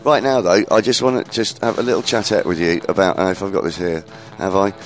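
Chatty man hosting radio, lowish voice. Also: steady tone, fast, soft background music. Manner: chatty and enthusiastic, rambling with restarts. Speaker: radio show host. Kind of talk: casual radio chat.

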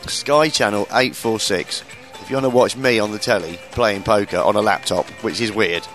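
A man in his late thirties, a comedian hosting a podcast, telling stories in casual chat, swearing freely and mimicking people in a high voice. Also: moderate pace, fairly bright tone, faint music behind. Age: 30s.

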